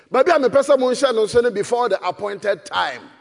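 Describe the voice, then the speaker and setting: High gravelly Ghanaian preacher. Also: male voice, animated, normal speed, hardly any pauses. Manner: shouting emphasis, mixing English and Twi. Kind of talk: sermon. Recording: echoey hall with long reverb.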